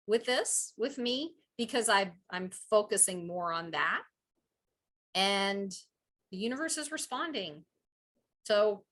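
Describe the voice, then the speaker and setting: A woman hosting a live coaching call who reads oracle cards and leads repeat-after-me healing affirmations in a gentle, measured way. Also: medium pitch. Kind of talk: slow guided healing talk with card reading.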